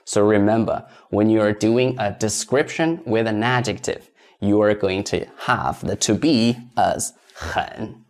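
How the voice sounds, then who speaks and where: A man teaching a grammar lesson in English, explaining step by step and slowly repeating each example sentence twice. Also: on the low side. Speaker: Chinese language teacher.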